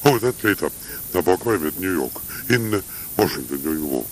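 A man's voice: sits low, animated, quick pace, slight background noise, low-quality recording. An older man from Russia, reminiscing in a rambling, anecdotal way in an interview, full of asides. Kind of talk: reminiscing conversation.

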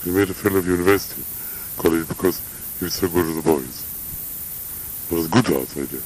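Deep-voiced older man, halting speech. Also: a little mellow, slight background noise, rough recording. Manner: measured, halting, with frequent uhs. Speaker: interviewee, academic. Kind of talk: reflective interview talk.

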